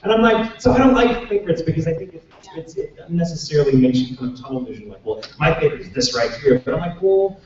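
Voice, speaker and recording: Brief: man on a fan panel, loose and chatty, quick asides, heard from far back in a big echoing hall. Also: a little high, a little mellow, a little hiss or hum. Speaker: convention panelist. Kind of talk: casual panel talk to fans. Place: convention panel room. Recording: echoey hall from far off, dull.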